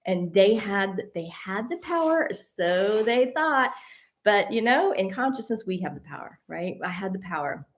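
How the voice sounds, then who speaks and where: A woman telling a personal travel story in a casual, animated way. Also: mid-range voice, measured pace, a little hiss or hum. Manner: animated, addresses listeners as y'all. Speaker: host.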